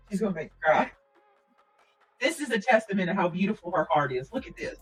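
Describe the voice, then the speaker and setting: A woman hosting a casual livestream and talking directly to her viewers. She speaks earnestly and prayerfully, and she keeps clearing her throat and coughing. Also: fairly low pitch, lively intonation, brisk, soft background music, low-quality recording. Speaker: livestream host.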